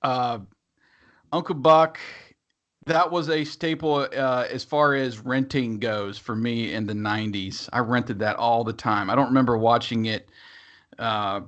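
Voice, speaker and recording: A man co-hosts a podcast, chatting casually about movies and rambling through fillers and restarts. His mid-range voice is a bit bright, with fairly even intonation and an unhurried pace. The sound is dull and lo-fi.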